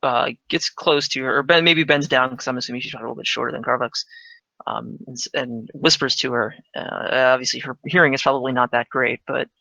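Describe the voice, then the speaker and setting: A man's voice: medium pitch, fairly even intonation, fast, creaky, bright, forceful tone, dry recording, low-quality recording. A man playing a tabletop game, describing his character's actions hesitantly and thinking aloud with fillers. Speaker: player. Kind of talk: casual tabletop play.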